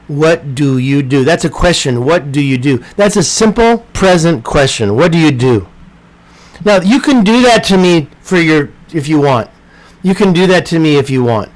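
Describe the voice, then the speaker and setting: A man's voice: a little high, poor audio. Rambling male English teacher. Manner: rambling, talks to himself while editing slides. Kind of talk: informal online English lesson.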